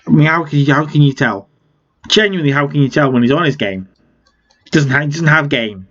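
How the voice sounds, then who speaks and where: A man's voice: a little high, fairly quick, a bit bright, dull audio. A man casually recapping a wrestling management game, chatty with wry asides. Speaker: game let's-player.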